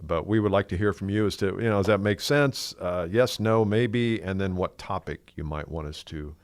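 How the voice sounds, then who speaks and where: An older man with a deep, low voice talks on a podcast, spinning anecdotes in a relaxed, conversational way. He acts out the quoted lines of the people in his stories. The recording is close and dry, with no room sound. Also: moderate pace, no room sound. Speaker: podcast co-host. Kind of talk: casual podcast chat.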